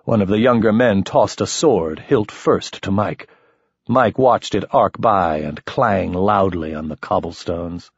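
A man narrating a first-person story in an expressive, lively manner. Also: sits low, unhurried, slightly rough, no echo, muffled recording. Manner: expressive, shifting voices for characters. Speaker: audiobook narrator.

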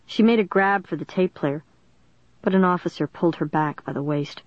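A woman narrates a young-adult thriller with steady, clear delivery. Her voice sits on the low side. The recording is dead-dry and slightly muffled. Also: normal speed, no room sound. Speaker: audiobook narrator. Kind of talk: scripted narration. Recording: dull, dry studio recording.

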